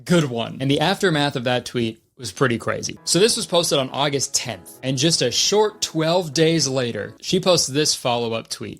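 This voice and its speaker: A man's voice: mid-range voice, expressive, normal speed, vocal fry, hardly any pauses, fairly bright tone, slight background noise. A man hosting comedic online commentary, sarcastic and profane as he riffs on clips.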